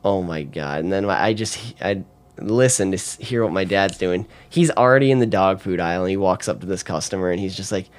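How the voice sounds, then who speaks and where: A man's voice: low-pitched, fairly quick. A young man chatting casually as a podcast guest, rambling through stories with many filler words and bursts of laughter. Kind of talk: casual chat.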